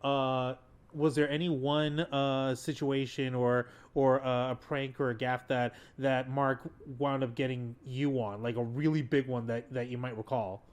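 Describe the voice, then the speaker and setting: A male podcast host asks his questions earnestly, pausing often as he gathers his thoughts. His voice is smooth and clean, with a mid-range pitch. His tone stays relaxed and conversational. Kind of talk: casual interview.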